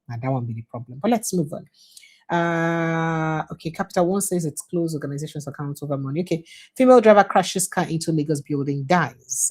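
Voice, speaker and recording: A woman with a Nigerian accent hosting a news show, reading newspaper headlines aloud and adding quick Pidgin asides. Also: deep voice, darkish tone, breathy edge.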